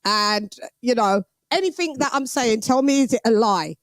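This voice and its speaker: Woman, boxing stream host, slangy animated banter, dry close sound. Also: on the high side, normal speed, dry recording. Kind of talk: casual livestream commentary.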